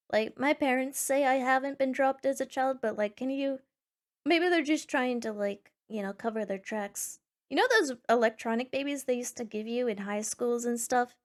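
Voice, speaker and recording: A young woman streamer reading forum posts aloud and reacting in a sarcastic, animated way, with sudden loud squeals. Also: fairly high pitch. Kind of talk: casual reaction chat.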